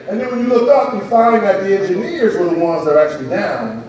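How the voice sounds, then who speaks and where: A man's voice: sits high, animated, quick pace, hardly any pauses, a little mellow. A man preaching a sermon to his church, telling a story and acting out the cheering crowds in it, then putting questions to the congregation. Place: church sanctuary. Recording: echoey church, voice from far off.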